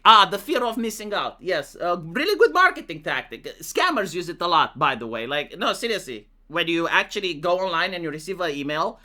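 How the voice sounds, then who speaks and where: A man's voice: high voice, sing-song, fairly quick, hardly any pauses, pushed and bright. A man from Romania with a Romanian accent, talking casually through comments on his channel and reading some aloud in a mocking voice. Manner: talks with many "like" fillers, reads comments out in a mocking voice. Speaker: commentary YouTuber.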